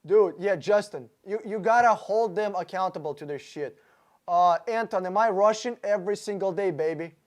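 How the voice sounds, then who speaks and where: A man's voice: high voice, normal speed. A man hosting a casual live-stream Q&A, blunt, joking and profane, reading out viewers' names and questions. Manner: talks to viewers by name, with frequent fillers and restarts. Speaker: livestream host answering chat questions about cars.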